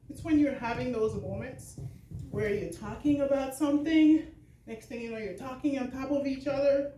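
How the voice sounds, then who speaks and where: A woman giving a keynote talk to a live audience in a chatty way, laughing often. Her voice is fairly high. She sounds far from the mic in an echoey hall with a faint hiss. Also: mellow. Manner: chatty and laughing, with many fillers. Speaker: keynote speaker.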